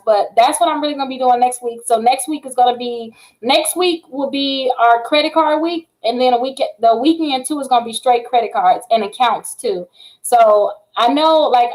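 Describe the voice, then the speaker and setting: Fast-talking woman hosting a livestream. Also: sits high, a little mellow, poor audio. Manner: fast-talking, chatty, addresses viewers as y'all. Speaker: credit repair livestream host. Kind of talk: casual livestream talk. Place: home setup with multiple screens.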